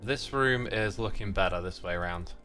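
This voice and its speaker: A man with a bright, clear voice chats casually while he plays a game on a live stream. He reads viewer messages aloud and thanks supporters between thoughts. Soft music runs quietly behind him. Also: lowish voice, moderate pace. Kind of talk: casual livestream chat while playing.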